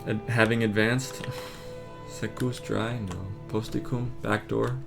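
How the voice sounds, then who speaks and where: A man quizzing himself on word cards, muttering terse answers and quick verdicts of right or wrong. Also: on the low side, level tone, gravelly, music in the background. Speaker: vlogger drilling vocabulary.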